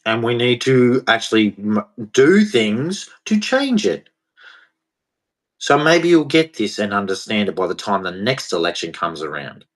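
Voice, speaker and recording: A man vents in a heated vlog rant. He talks in a preachy, insistent way and doubles back on words to drive his points home. His voice sits at an ordinary middle pitch for a man. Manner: heated, preachy, repeats himself for emphasis. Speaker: vlogger. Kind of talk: ranting monologue to camera.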